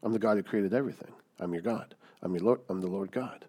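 Brief: man doing a boastful, hushed creator God in a retold sermon story. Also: low-pitched, fast, slightly rough. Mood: proud, gentle.

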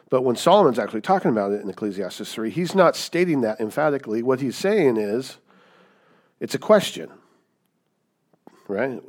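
Brief: male pastor, mid-pitched voice, talky teaching sermon, lots of tag questions. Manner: conversational, keeps asking "right?".

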